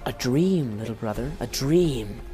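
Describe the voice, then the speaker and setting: A man's voice: mid-range voice, lively intonation, measured pace, dark tone, faint music behind, lightly acted. A man voicing a sly, cold villain who mocks his younger brother in an audiobook. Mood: mocking.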